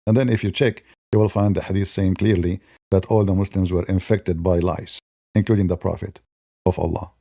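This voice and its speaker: Man, gravelly, sarcastic debate-show host with a mellow, dark tone. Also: steady tone, brisk, no room sound, clean studio sound. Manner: mocking, sarcastic, imitates opponents in high voices. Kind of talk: polemical monologue.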